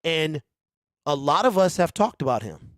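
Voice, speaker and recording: A man's voice: a little high, moderate pace, dry recording, studio quality. A man from Detroit hosting a casual sports fan livestream, hyping up his viewers and checking in with them often. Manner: animated, hypes up viewers, keeps checking in with "okay?". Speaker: sports show host.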